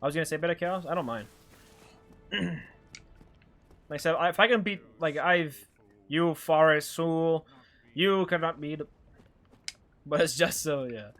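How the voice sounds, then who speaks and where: A man's voice: fairly high pitch, a little slow, long pauses, fairly bright tone. A young man from Alberta with a light Canadian accent, casually chatting with his stream chat while playing a game and reading questions aloud. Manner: rambling, reads chat aloud and answers it. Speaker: live-streamer.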